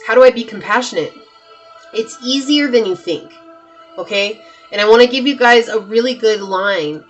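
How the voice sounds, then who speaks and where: A woman's voice: on the high side, normal speed, lo-fi sound, faint music behind. A woman giving a pick-a-card tarot reading, talking straight to her viewers with lots of emphatic repetition. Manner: emphatic, repeats herself, talks straight to viewers. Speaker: tarot reader.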